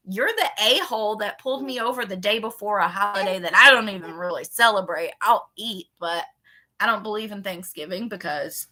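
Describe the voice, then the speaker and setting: A woman telling a story in a casual, sarcastic rant, with quick animated bursts. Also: mid-range voice. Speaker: vlogger.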